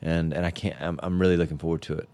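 Low-ish guy on a podcast, rambly, keeps restarting his sentences. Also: fairly even intonation, creaky, a little mellow. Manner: rambling, halting, many restarts and fillers. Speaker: podcast guest. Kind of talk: casual chat.

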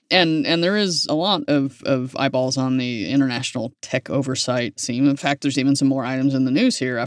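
A man's voice: mid-range voice, no room sound, studio quality. A man co-hosting a podcast, running through tech headlines in a wry, rambling way with plenty of fillers. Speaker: podcast co-host. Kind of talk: casual tech news chat.

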